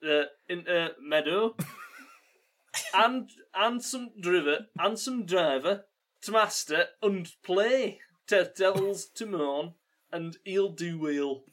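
A man reading an old rural dialect text aloud in a put-on Geordie accent that slides into Yorkshire, halting over the words. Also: sits high, a bit bright. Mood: stumbling. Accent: put-on Geordie drifting into Yorkshire.

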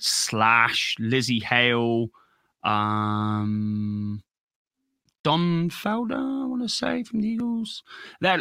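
Chatty man, bright edgy voice. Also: medium pitch, clean tone, dry recording, clean studio sound. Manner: chatty storyteller, laughs often, swears casually. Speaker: guest musician. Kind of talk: casual podcast interview.

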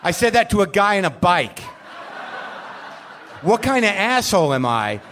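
A man's voice: high voice, sing-song, normal speed, fairly bright tone, slight background noise. Rambling, cursing man ranting on stage. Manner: rambling, self-deprecating, profane rant. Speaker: podcast host. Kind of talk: live comedic monologue. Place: stage of a live venue.

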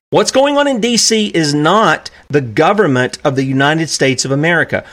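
A man's voice: a little high, animated, normal speed, few pauses, a bit bright. A man hosting a solo commentary show, talking emphatically with restarts and asides, reading passages aloud from documents. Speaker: podcast host.

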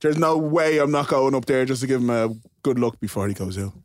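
A man's voice: medium pitch, animated, fairly quick, dry recording, studio quality. A man telling a teasing, sweary story in casual banter with friends. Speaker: podcast guest.

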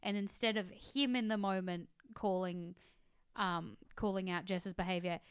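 A woman's voice: fairly low pitch, fairly even intonation, a little slow, clear, resonant tone, no room sound, studio quality. An Australian woman co-hosting a podcast, giving her plainspoken opinions in casual chat. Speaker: podcast co-host.

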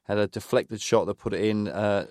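A man's voice: lowish voice, steady tone, normal speed, a little mellow, no room sound. Man, casual football talk, running through goals and minutes, dry sound. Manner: recaps goals and minutes from notes. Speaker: podcast co-host. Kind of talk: casual football chat, recapping a match.

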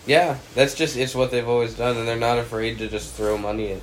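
A man's voice: medium pitch, fairly even intonation, fairly quick, slight background noise, low-quality recording. Joking man, casual podcast banter. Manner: joking, swears, laughs a lot. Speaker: podcast co-host. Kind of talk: casual chat.

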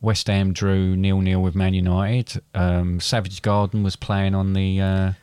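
A middle-aged man co-hosting a podcast, telling a family story in a halting, repetitive way. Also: low voice, little pitch movement, darkish tone, smooth, no echo, clean studio sound. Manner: hesitant, repeats words, gets choked up. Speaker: podcast co-host, father. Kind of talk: casual storytelling chat.

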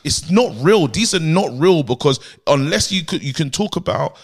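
A man's voice: fairly high pitch, expressive, moderate pace. A married man, co-hosting a comedy podcast in a rambling, earnest way. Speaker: podcast co-host. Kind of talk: casual comedic chat.

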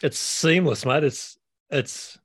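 A man's voice: fairly high pitch, takes it slowly, fairly bright tone, husky, dry recording. An Australian man hosting a sports podcast, with a dry, wry humor and a few fillers. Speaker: podcast host.

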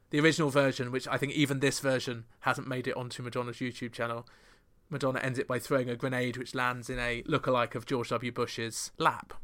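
A man's voice: mid-range voice, a bit bright. A man hosting a podcast chart countdown, chatting through the songs with wry, joking asides. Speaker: podcast host.

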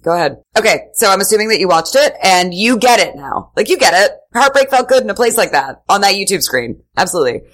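A woman's voice: mid-range voice, very animated, quick pace, few pauses, fairly bright tone. A woman hosting a comedy podcast, bantering in a playful, crude, joking way. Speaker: podcast host. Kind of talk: casual comedic chat.

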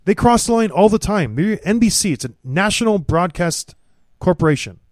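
A man's voice: high-pitched, expressive, moderate pace, dry recording. Blunt, ranting male podcast host. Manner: blunt, opinionated, mocking ranter. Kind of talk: casual hockey podcast chat.

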